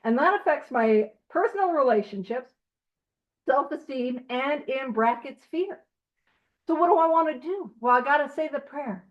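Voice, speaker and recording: A woman's voice: sits high, expressive, normal speed. A woman leading a recovery book study group, teaching in a casual, playful way and laughing often. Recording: dull lo-fi audio.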